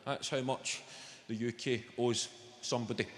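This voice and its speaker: A Glaswegian man doing a stand-up comedy set, bantering with the crowd in a loud, swearing manner. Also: medium pitch, fairly even intonation, moderate pace, very noisy. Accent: Scottish, Glaswegian. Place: large theatre stage with audience. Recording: roomy hall reverb over loud audience.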